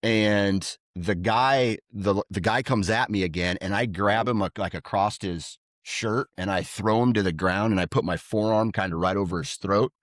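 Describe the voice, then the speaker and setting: This co-host's voice sits on the low side, moving at a moderate pace with hardly any pauses as he tells casual podcast stories. He animatedly acts out quotes in a raised voice, recorded in studio quality without echo.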